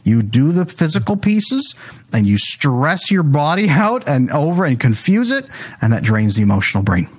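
A man's voice: fairly high pitch, normal speed, slightly rough. A man, a coach, explaining his method in a casual conversation, acting out the people he quotes. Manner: animated storytelling, acts out quoted voices.

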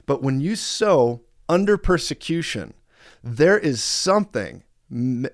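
A man's voice: medium pitch, no echo. Earnest man preaching, dry close sound. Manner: earnest storytelling with emphatic repetition. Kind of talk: sermon.

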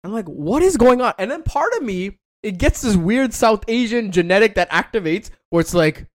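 A man tells a travel story to his friends in a loose, swearing podcast chat. His pitch swoops and jumps as he acts out what everyone said, and he laughs often. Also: moderate pace. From Canada. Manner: animated, swearing, acts out quotes. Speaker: podcast co-host.

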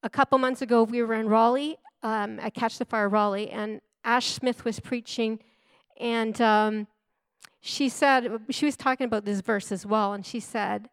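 Earnest woman preaching, higher-pitched voice. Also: steady tone, measured pace, vocal fry, no echo. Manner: earnest, emphatic, repeats key phrases. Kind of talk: sermon.

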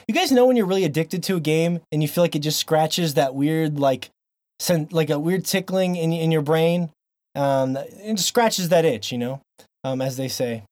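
A man's voice: a little high, a little mellow, no room sound. A man hosting a gaming podcast, rambling casually with crude jokes and many fillers. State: strained voice after shouting. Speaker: podcast host. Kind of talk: casual chat.

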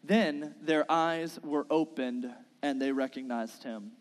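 A man preaching a sermon with an earnest, pleading delivery that builds into impassioned appeals. His voice sits a little high for a man. A long reverb from a large church hall trails after every phrase. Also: slow. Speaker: pastor. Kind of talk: sermon with scripture reading. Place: church sanctuary.

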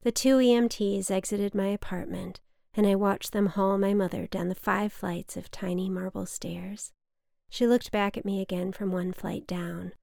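A woman reading her personal story aloud in a measured, wry, reflective manner. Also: mid-range voice, steady tone, creaky, dark tone, no echo, clean studio sound. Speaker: memoir narrator.

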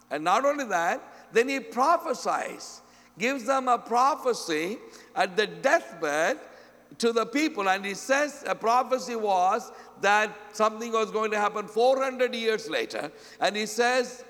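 High-voiced preacher in a reverberant hall. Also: male voice, lively intonation, measured pace. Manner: call-and-response, repeats "Amen?" often; acts out quoted voices, swinging from loud to soft. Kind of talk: sermon.

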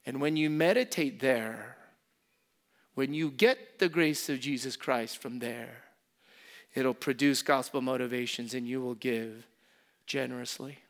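At a measured pace, a pastor with a mid-range male voice preaches passionately. Repetition of key lines marks his sermon, which alternates loud emphasis with hushed, intimate remarks.

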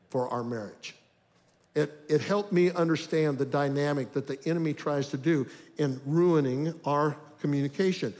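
A man's voice: a little high, a little mellow. Older man preaching in a reverberant hall. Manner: earnest, acts out inner thoughts in story. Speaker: preacher on marriage. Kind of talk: sermon storytelling. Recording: long reverb of a large hall.

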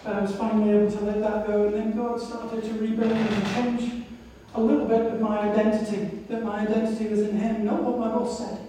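A woman's voice: a little high, flat delivery, fairly quick, few pauses, warm tone, recorded from a distance, slight background noise. Woman preaching in an echoey hall. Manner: reflective, storytelling. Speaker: missionary speaker. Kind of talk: sermon with personal testimony.

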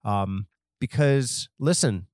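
A man's voice: medium pitch, takes it slowly, a little mellow, no echo, clean studio sound. A man hosting a solo comedy podcast, talking in a rambling, self-interrupting way full of absurd tangents. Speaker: podcast host.

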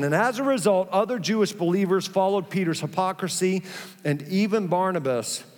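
A pastor preaches a lively, conversational sermon, tossing in playful asides between his points. His voice is high for a man, and a big church hall surrounds it with long reverb.

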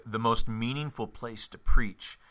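A man's voice: medium pitch, fairly even intonation, a little slow, a bit bright. A man who is a pastor, earnest and encouraging, speaking to fellow pastors with joking asides. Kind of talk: casual conversation between pastors.

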